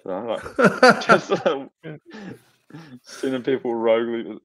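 A man's voice: mid-range voice, very animated, measured pace, fairly bright tone, no room sound. A man, co-hosting a podcast and telling rambling, self-mocking stories. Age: 30s. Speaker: podcast co-host. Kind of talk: casual chat. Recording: dry, dull lo-fi sound.

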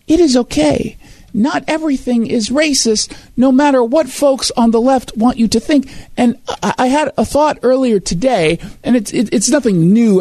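A man's voice: sits high, a little mellow, dry recording. A man hosting a talk show, reading quotes and reacting with sarcastic, emphatic commentary.

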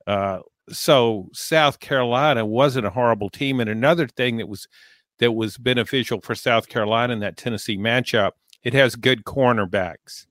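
A man co-hosting a sports podcast, analytical and measured with a touch of dry sarcasm. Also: medium pitch, fairly bright tone, no room sound. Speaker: podcast co-host. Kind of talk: casual sports podcast discussion.

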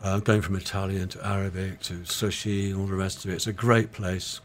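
A man's voice: low voice, level tone, fairly quick, a little hiss or hum. An older man from England, a musician guest, telling rambling stories in a casual radio studio interview. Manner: rambling, self-correcting storyteller.

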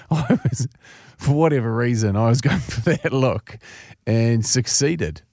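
A man's voice: medium pitch, lively intonation, slow, a little mellow, no echo, clean studio sound. A man co-hosting a podcast, telling crude anecdotes and laughing through them. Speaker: podcast co-host. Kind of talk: casual podcast storytelling.

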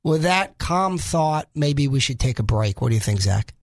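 A man's voice: a little high, lively intonation, moderate pace. A man from New York filling in as a talk radio host in a studio, joking and self-mocking, with rambling asides.

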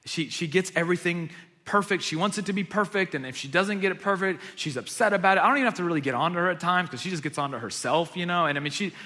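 A pastor in his thirties delivers a sermon built around a family story, moving from hushed asides to loud, emphatic preaching. He speaks quickly in a high voice, and the recording carries the long reverb of a large hall.

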